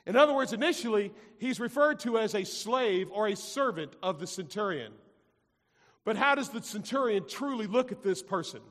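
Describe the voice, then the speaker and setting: A high-pitched male pastor delivers an emphatic sermon, repeating phrases and firing questions at his congregation. His voice rings out with a long reverb, as if heard across a big church hall. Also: animated, normal speed, fairly bright tone.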